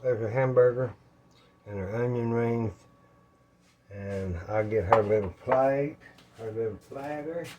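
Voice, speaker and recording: Slow, folksy man cooking at home. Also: mid-range voice, dull audio, background noise. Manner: folksy, rambling, talks to viewers as y'all. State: out of breath. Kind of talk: casual cooking talk to viewers. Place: home kitchen.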